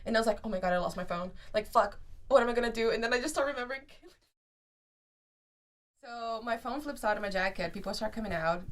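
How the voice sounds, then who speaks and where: A woman's voice: on the high side, quick pace, long pauses. A young woman co-hosting a podcast, telling festival stories in casual chat, acting out quotes and swearing freely. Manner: animated storyteller, acts out quotes, swears freely. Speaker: podcast co-host.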